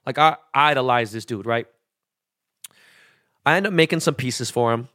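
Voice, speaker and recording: A man, a jeweler and interview guest, telling stories in a slangy, animated way full of quoted dialogue. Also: medium pitch, normal speed, no echo, clean studio sound. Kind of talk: casual storytelling interview.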